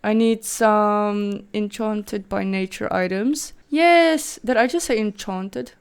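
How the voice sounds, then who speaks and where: Chatty South African woman, smooth voice. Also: medium pitch, slow. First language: Afrikaans. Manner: chatty, rambling, excitable. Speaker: Sims gaming YouTuber. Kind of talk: casual gameplay commentary.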